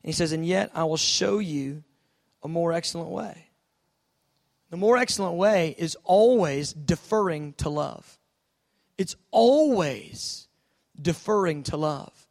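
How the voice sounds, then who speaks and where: Animated high-voiced male preacher. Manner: animated storytelling, acting out voices, drops soft for quoted God. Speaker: pastor. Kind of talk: sermon.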